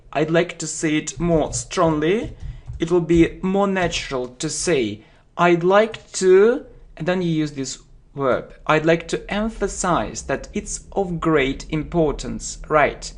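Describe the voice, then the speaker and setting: Slow-talking man teaching vocabulary. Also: on the high side. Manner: repeats key words, checks in with "yeah?" and "okay". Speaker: English teacher. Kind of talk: slow deliberate vocabulary lesson.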